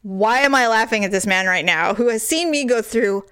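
Middle-aged woman, animated storyteller, higher voice, dry close sound. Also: normal speed, clear, resonant tone, no echo. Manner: animated storyteller, acts out quotes, laughs often. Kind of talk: casual chat, telling a story.

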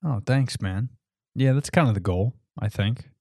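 A man's voice: medium pitch, normal speed, dark tone, no room sound, clean studio sound. A man hosting his podcast in casual chat, laid-back, with lots of fillers and swearing. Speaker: podcast host.

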